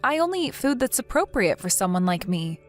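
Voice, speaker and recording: A woman's voice: fairly high pitch, big pitch swings, a little fast, soft background music. A woman voicing a timid, self-loathing young wife who talks meekly and apologetically, in a text-message story reading. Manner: meek and apologetic.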